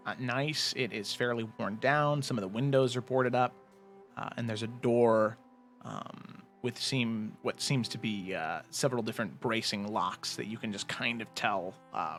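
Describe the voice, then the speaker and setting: A man narrating a tabletop role-playing game as game master, in a relaxed way with many fillers. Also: medium pitch, moderate pace, faint music behind.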